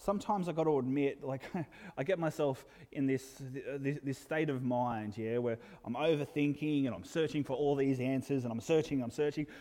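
Preacher, man, earnest sermon delivery, warm mellow tone, soft asides and emphatic peaks, church-hall reverb. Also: medium pitch, normal speed.

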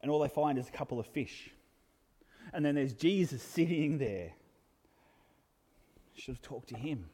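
A man preaching a sermon in an earnest way, building to emphatic peaks and dropping to soft asides. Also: mid-range voice, expressive, measured pace, long pauses, husky. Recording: long hall reverb.

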